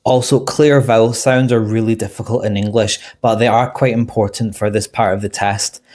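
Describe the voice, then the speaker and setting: A man with a fairly low voice gives an English exam lesson. He speaks clearly and deliberately, like a tutor addressing his students online. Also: steady tone, darkish tone. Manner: clear, deliberate teaching delivery.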